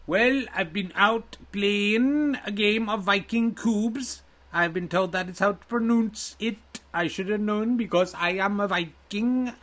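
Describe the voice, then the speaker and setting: A man voicing a proud Viking snooker player who speaks in a stiff, formal, drawn-out way, set higher than his own voice. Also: fairly bright tone.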